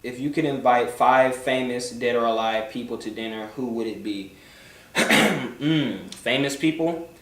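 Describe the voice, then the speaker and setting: A man's voice: medium pitch, unhurried, fairly bright tone. Laid-back young man, roomy distant mic. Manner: loose, swearing, jokey, trails off into mumbles. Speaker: vlogger answering viewer questions. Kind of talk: casual chat. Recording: roomy, from a distance, faint background noise.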